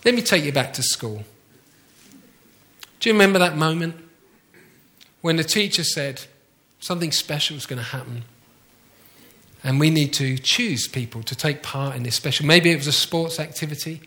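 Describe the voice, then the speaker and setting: A man preaching a conversational sermon to his congregation, often asking them questions and slowly repeating key phrases. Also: on the high side, bright, forceful tone. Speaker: pastor.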